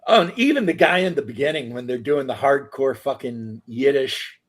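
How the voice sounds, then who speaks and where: A man's voice: medium pitch, lively intonation, moderate pace. A man hosting a casual live chat, laid-back, swearing freely and laughing often. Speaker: host.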